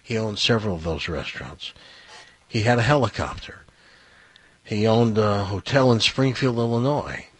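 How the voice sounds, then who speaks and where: Man, storyteller, talk show host, slightly husky, dry close sound. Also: lowish voice, normal speed, dry recording. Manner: animated anecdotal storytelling with acted quotes.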